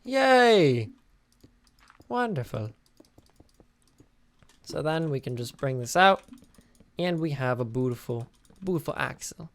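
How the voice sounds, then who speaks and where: A man's voice: medium pitch, animated, a little slow, creaky, pauses often. A young man hosting a casual game-building commentary, tired and sleepy, rambling and chatty with lots of fillers and restarts. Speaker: gaming channel host.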